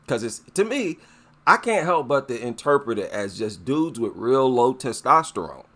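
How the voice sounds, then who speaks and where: A man hosting a casual monologue commentary, talking in a slow, deliberate way with filler words and repeated phrases. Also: sing-song, a bit bright. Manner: drawn-out emphasis, rising pitch on stressed points. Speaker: commentary channel host.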